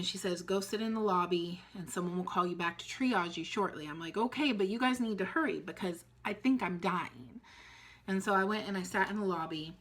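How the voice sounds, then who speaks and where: Middle-aged woman, lowish voice, casual storytime vlog, animated retelling. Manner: animated retelling, acting out dialogue. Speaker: vlogger telling a personal story.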